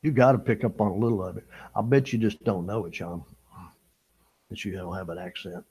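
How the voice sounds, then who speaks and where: Older guy from louisiana, kinda husky, lowish voice, chatting away to chat on a fishing stream. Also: fairly even intonation, fairly quick, darkish tone, poor audio. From Louisiana, USA. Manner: chatty, laughs often, talks to chat viewers. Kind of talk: casual live-stream chat. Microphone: small camera-top microphone.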